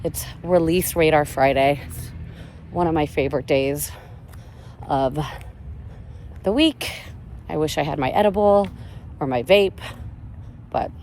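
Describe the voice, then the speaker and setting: A woman's voice: low voice, unhurried, long pauses, darkish tone, slight background noise. A young woman venting in a casual monologue, rambling and anxious, swearing often. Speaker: vlogger.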